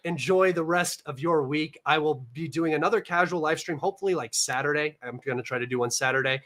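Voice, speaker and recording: A man's voice: fairly high pitch, fairly quick, hardly any pauses, fairly bright tone, a little hiss or hum. Young man, American, casual livestream chat, rambling with fillers, a bit nasal, home room. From United States. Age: young adult. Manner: rambling, chatty, many fillers and restarts. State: slightly nasal from allergies. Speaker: livestream host.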